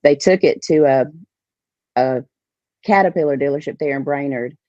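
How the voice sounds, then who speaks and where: A woman, a podcast guest telling a lively story about organizing fishing tournaments. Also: very deep voice, moderate pace, no room sound. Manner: animated storyteller, acts out others' lines. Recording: dull, dry podcast audio.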